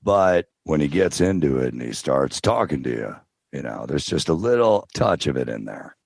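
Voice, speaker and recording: A podcast guest who also narrates audiobooks chats casually in an interview, telling stories in a relaxed manner and trying out character voices. His very deep, creaky voice moves at a moderate pace, captured dry in a studio with no room sound.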